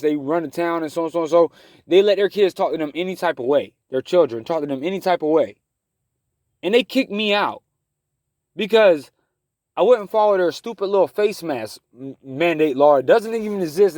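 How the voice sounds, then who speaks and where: A man's voice: fairly high pitch, moderate pace, darkish tone, no room sound. A man in his thirties giving a heated, rambling personal monologue as a talk show host, with many restarts. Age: 30s. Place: living in his car in the woods.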